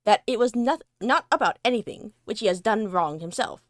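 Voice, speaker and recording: A woman reading aloud as a kind, devout elderly nun, slightly halting. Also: a little high, animated, no room sound, lightly acted. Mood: gentle. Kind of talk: reading aloud in a book club.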